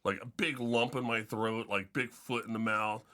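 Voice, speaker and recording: Bright-voiced man hosting a sports podcast. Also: mid-range voice, fairly even intonation, normal speed. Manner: storytelling, many restarts and fillers. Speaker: podcast host and football coach. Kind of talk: casual podcast chat.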